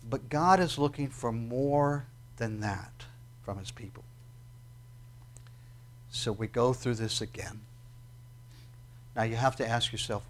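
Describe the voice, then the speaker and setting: In a mid-range voice, a male pastor delivers his sermon like a conversation, frequently asking the congregation questions.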